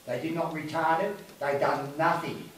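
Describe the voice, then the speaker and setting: A man's voice: a little high, fairly even intonation, moderate pace. An emotional Australian man, a local resident, speaking bluntly and angrily at a community meeting, swearing as he airs his complaints. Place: community hall. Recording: very echoey hall from a distance, faint noise.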